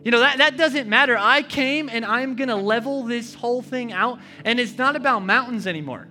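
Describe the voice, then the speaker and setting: A man's voice: extremely high pitch, normal speed, bright, forceful tone, soft background music, exaggerated voice. A man voicing a breezy, slangy male teacher. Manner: breezy, slangy, matter-of-fact. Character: casual modern-talking male religious teacher.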